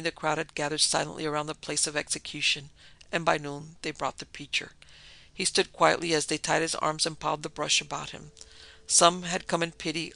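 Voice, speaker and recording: Gravelly man narrating a dark tale. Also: fairly high pitch.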